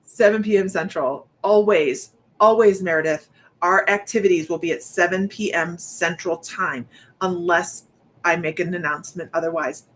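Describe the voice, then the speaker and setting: A woman's voice: fairly low pitch, steady tone, moderate pace, a little hiss or hum. A woman hosting a psychic livestream, a little out of breath and talking in a loose, rambling way. She keeps up a chatty flow aimed straight at her viewers. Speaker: psychic medium host. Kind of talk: casual livestream chat.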